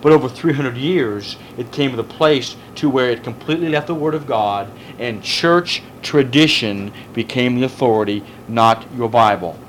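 At normal speed and with hardly any pauses, a middle-aged man lectures as a pastor in a mid-range voice, with slight background noise. His Bible study is emphatic and full of rhetorical questions aimed at his audience, who also put their own questions to him.

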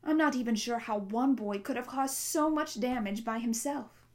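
A woman's voice: a little high, moderate pace, natural voice. A woman reading the part of a stern older headmistress who speaks sharply and scolds.

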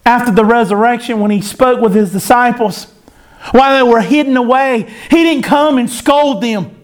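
A man's voice: very high-pitched, moderate pace. A man preaching a sermon, in an impassioned cadence that rises and falls.

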